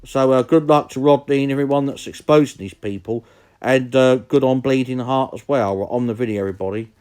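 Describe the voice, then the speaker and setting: A man's voice: mid-range voice, fairly quick, darkish tone, clear, resonant tone. Rambling, indignant male commentator. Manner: rambling, indignant, many restarts. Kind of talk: casual commentary.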